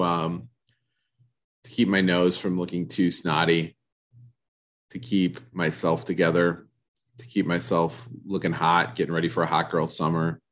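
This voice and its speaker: A man hosting a casual solo podcast, rambling in self-mocking repetitive riffs, a bit congested and froggy from allergies. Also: low-pitched. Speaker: podcast host. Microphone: studio microphone.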